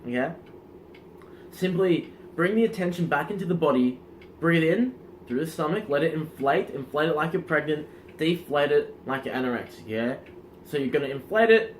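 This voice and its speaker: A man coaching in casual instructional talk, energetic and demonstrative, often checking in with the listener. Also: a little high, a little hiss or hum. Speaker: self-improvement coach.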